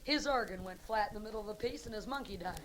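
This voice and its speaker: A woman's voice: mid-range voice, quick pace, heavy background noise. A middle-aged woman doing live stand-up comedy, teasing the audience with bawdy jokes in a brassy, teasing manner. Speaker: stand-up comedian working the crowd. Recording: live club recording with loud crowd.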